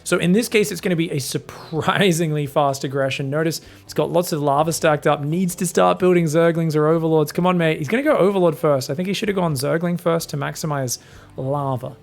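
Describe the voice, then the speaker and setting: An Australian man giving excited, casual, jokey esports commentary, sometimes swearing. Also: on the high side, a little fast, vocal fry. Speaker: esports caster.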